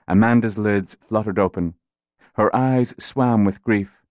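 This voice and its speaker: A man narrating an audiobook in a calm, measured way. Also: fairly low pitch, no echo, studio quality.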